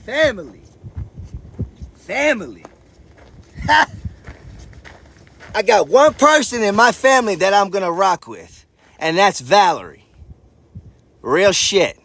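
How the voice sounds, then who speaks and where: A man giving a profane, defiant rant to his followers, often breaking into shouts. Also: sits high, sing-song, measured pace, gravelly, long pauses, slight background noise. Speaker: social media creator. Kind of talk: ranting monologue to his followers.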